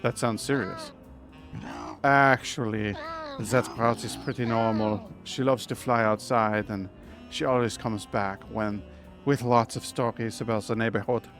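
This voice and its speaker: A man's voice: mid-range voice, steady tone, a little slow, faint music behind, lightly acted. Man doing a mock-French big-brother bird. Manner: soft, slightly effeminate delivery.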